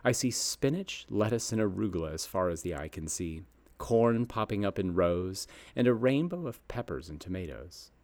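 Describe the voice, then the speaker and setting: A low-voiced man in his fifties reads a scripted garden column. He tells it in a folksy, upbeat way, and his pitch swings widely as he goes. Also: expressive, normal speed, darkish tone. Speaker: garden nursery host. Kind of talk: scripted read-aloud column.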